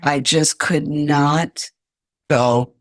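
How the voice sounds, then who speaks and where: A woman's voice: deep voice, fairly even intonation, drawn-out words, no room sound, clean studio sound. An older woman, a podcast guest, earnestly telling her life story in an interview.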